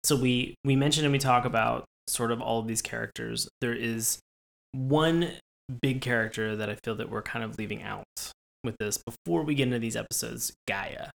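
A man with a gravelly, creaky voice hosts a casual podcast chat. He rambles on in a playful, animated way. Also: medium pitch, normal speed. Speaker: podcast host.

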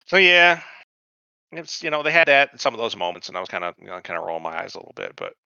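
A man's voice: on the low side, fast talker, vocal fry, clean tone, dry recording, dull audio. A man co-hosting a podcast, bluntly retelling and mocking scenes from a TV show with lots of swearing. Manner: blunt, profane, animated retelling. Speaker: podcast co-host. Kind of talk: profane casual chat about a TV show.

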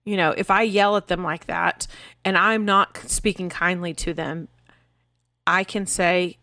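A woman's voice: fairly low pitch, steady tone, measured pace, pushed and bright, dry recording. Earnest mother, dry close sound. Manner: earnest, storytelling, acts out her kids' voices. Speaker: podcast co-host. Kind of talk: casual parenting discussion.

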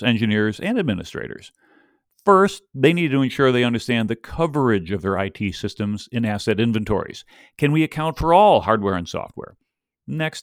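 A man's voice: medium pitch, no echo, studio quality. Upbeat man hosting a podcast. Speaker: podcast host. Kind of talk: scripted podcast narration.

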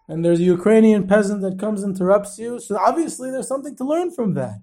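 A man hosting a history podcast, telling stories in a lively way and sprinkling in Yiddish and Hebrew terms. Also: sits high, fast, hardly any pauses. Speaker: podcast host and tour guide.

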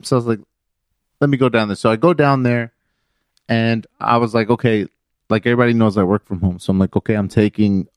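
A man's voice: lowish voice, steady tone, brisk, no echo, clean studio sound. A man in casual chat, laid-back and jokey, laughing along as he tells his story.

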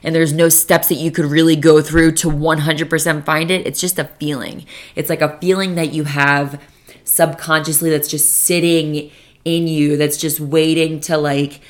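A woman's voice: low voice, little pitch movement, moderate pace. A young woman hosting her own podcast alone, rambling and swearing freely, with lots of "like" fillers, into a podcast microphone. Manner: rambling and profane, with many "like" fillers. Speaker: podcast host. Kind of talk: casual solo podcast monologue.

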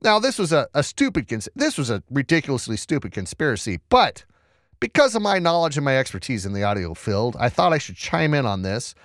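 A man hosting a casual news commentary show from a home setup, talking in a chatty, sarcastic way with lots of restarts. His voice sits at an ordinary middle pitch, and the recording is dry and close, with no room sound. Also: very animated, a little fast, a bit bright, no echo. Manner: chatty, sarcastic, stumbling restarts, reads screen aloud.

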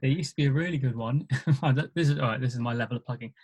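Comedian guy talking fast about gigs, kinda husky, modest and self-deprecating. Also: mid-range voice, darkish tone. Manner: self-deprecating, modest, chuckles while telling stories. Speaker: stand-up comedian guest. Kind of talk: casual chat.

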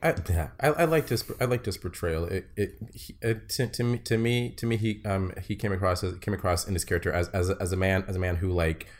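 A man co-hosting a film review podcast, speaking haltingly and repeating words as he gathers his thoughts. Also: low voice. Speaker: podcast co-host. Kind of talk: casual film review chat.

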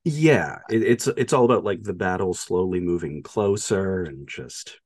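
Low-voiced man, lively podcast recap. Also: a little slow, breathy edge, no room sound, clean studio sound. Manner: animated plot recapping, lots of "like" and "uh". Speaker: podcast co-host. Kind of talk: casual film discussion.

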